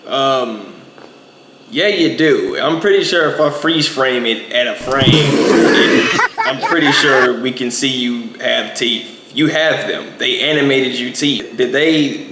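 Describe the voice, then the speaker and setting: A man's voice: mid-range voice, takes it slowly, reverberant, over music. A young man giving a casual, rambling movie review, packing in lots of filler words.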